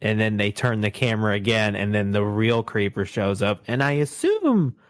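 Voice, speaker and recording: A man's voice: lowish voice, moderate pace, no echo. A man co-hosting a casual podcast chat, retelling scenes with a laugh and quoting characters as he goes. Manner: laughing, animated retelling with quoted voices. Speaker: podcast host.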